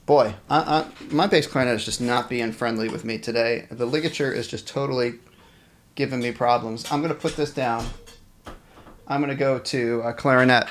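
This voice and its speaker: A man's voice: mid-range voice, fairly even intonation, normal speed, a little hiss or hum. A man teaching a live-streamed band lesson, explaining instrument technique, reading viewers' chat and counting off rhythms for them to play along. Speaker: music teacher.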